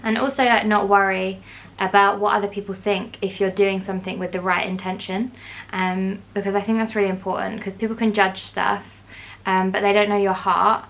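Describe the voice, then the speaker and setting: A young woman chatting casually to her phone camera as she vlogs, playful and quick to laugh. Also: medium pitch, flat delivery, fairly bright tone. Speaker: vlogger. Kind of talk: casual vlog chat. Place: outdoors on busy city streets and in a café. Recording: phone recording with street noise. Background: street and traffic noise.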